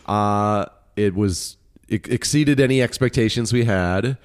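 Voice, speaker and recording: A man's voice: lowish voice, a little slow, smooth. A man co-hosting a podcast in casual chat from his living room, sounding nasal from a cold, joking and self-deprecating. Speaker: podcast co-host.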